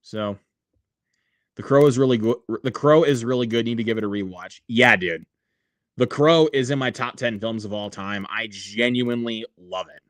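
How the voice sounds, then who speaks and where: A man's voice: medium pitch, normal speed, no room sound. A man hosting a casual livestream, rambling with many fillers and reading viewer comments aloud. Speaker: livestream host.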